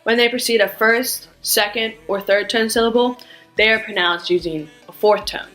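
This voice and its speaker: A woman giving a scripted language lesson, speaking carefully and acting out sounds with exaggerated pitch swings. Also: a bit bright, soft background music, low-quality recording. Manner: slow, careful, demonstrates tones with exaggerated pitch. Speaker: language teacher.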